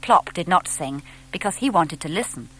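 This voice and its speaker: A woman narrating a children's storybook in a gentle, expressive reading. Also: lowish voice, moderate pace, slightly rough. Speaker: audiobook narrator.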